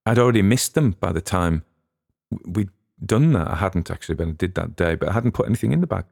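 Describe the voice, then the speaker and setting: A man's voice: low-pitched, animated, fast talker, creaky, a little mellow, dry recording, studio quality. A man, hosting a podcast and chatting in a rambling, musing way with plenty of restarts. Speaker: podcast host. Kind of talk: casual rambling commentary.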